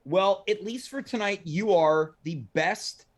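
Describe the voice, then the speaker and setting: A man's voice: high-pitched, unhurried. A man hosting a comedic talk show, playful and self-mocking. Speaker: host.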